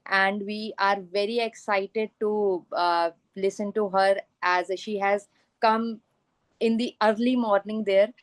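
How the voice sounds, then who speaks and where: A woman's voice: medium pitch, no room sound, poor audio. A woman hosting an online panel, polite and hesitant, with many fillers. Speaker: panel host.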